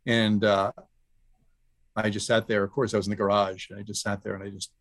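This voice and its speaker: A man's voice: fairly low pitch, little pitch movement, a bit bright. Earnest middle-aged man telling a story. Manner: earnest, reflective, halting with restarts. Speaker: podcast guest. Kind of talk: personal storytelling in conversation.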